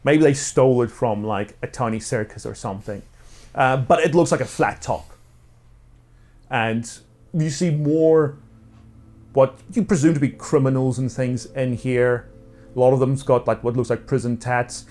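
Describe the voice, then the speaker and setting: A man's voice: medium pitch, moderate pace, darkish tone. A man narrating as game master in a casual, rambling way with many fillers. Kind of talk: narrating a tabletop role-play.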